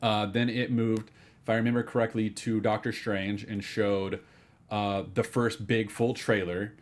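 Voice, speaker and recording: Low-voiced man chatting casually on a panel. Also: flat delivery. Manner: chatty, talks fast through speculation with many fillers and restarts. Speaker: panelist on a movie news show. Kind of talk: casual chat.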